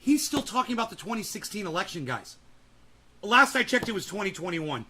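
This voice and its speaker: A man hosting reaction commentary, ranting with profanity, shouting and mocking. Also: sits high, sing-song, a little fast, husky. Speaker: commentary host.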